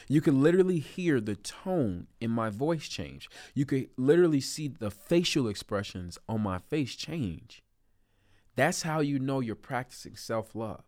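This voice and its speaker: A man's voice: mid-range voice, animated, normal speed. A man delivers a motivational self-help talk straight to his audience. He is earnest and coaching, and he often repeats a phrase or stretches a word to drive a point home.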